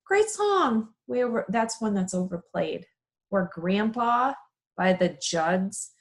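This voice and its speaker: A woman in her thirties, a funeral director, chatting casually and telling stories with lively, expressive swings. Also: mid-range voice, takes it slowly. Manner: animated, expressive storytelling. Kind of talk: casual chat over wine.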